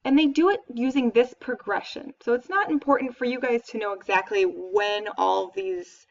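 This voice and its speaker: A female professor gives a conversational, explanatory lecture with fillers, speaking at a moderate pace in a fairly high-pitched voice. She was picked up from afar, so the recording sounds dull, distant and muffled.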